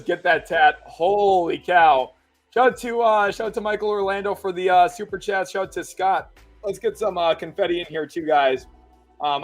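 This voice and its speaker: A young man hosting a casual sports livestream, laughing nervously as he reads donations out loud. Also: sits high. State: nervous, excited. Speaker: livestream host.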